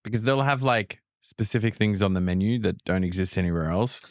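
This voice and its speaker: A man co-hosting a podcast, chatting casually and explaining things between quick reactions. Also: lowish voice, a little mellow, no echo, clean studio sound. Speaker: podcast co-host. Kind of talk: casual chat.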